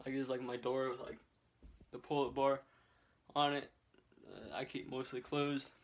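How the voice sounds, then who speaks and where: A man's voice: medium pitch, steady tone, unhurried, creaky. A young man vlogging casually from his bedroom, rambling and chatty, filming on a handheld camera. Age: young adult. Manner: rambling, chatty, lots of fillers. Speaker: vlogger and military recruit.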